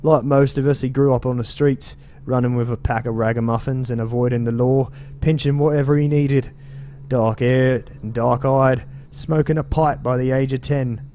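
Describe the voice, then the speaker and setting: A man's voice: medium pitch, mellow, a little hiss or hum, natural voice. A man voicing a male street gang member telling tales in an attempted British accent, reading game lore aloud in a slangy, loose delivery.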